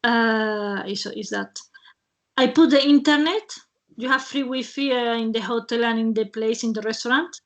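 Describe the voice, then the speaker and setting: A woman hosts a casual webinar over a video call in a fairly high voice. Her speech comes out haltingly, full of fillers and restarts, and she laughs often between phrases.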